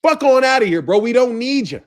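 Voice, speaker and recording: Fired-up, high-voiced man ranting profanely. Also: lively intonation, moderate pace. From United States. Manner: loud, profane, laughs between lines, fired up. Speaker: boxing channel commentator. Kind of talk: unscripted profane rant.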